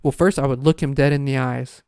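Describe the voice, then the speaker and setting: A man's voice: medium pitch, fairly even intonation, a little fast, dark tone, smooth, no room sound, clean studio sound. A man delivering a profane, exasperated comedic rant, exaggerating wildly. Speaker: comedic ranter.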